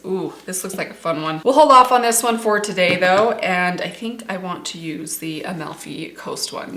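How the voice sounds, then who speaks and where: A woman's voice: medium pitch, fairly bright tone. Chatty woman beauty vlogger, echoey room. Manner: chatty, enthusiastic, addresses viewers as "you guys". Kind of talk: casual makeup tutorial chat.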